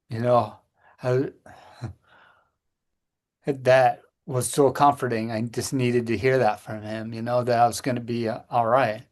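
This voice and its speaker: A middle-aged man tells a personal story on a podcast in an earnest, halting way, often stopping to restart his sentences. His voice sits at an ordinary middle pitch. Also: little pitch movement. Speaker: podcast co-host. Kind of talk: personal storytelling in casual chat.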